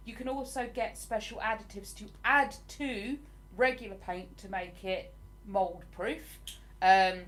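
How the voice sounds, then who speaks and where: A young woman, chatting casually on a home live stream as she reads out viewer comments, rambling a little with plenty of ums. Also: a little high. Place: at home in a living room.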